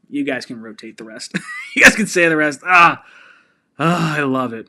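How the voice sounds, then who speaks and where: A man hosting a live sports fan stream, chatting and reacting to viewer comments. His voice is bright and forceful and sits a little high. He gets excitable and fired up, often breaking into laughter and shouts. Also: moderate pace, creaky. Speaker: sports fan channel host.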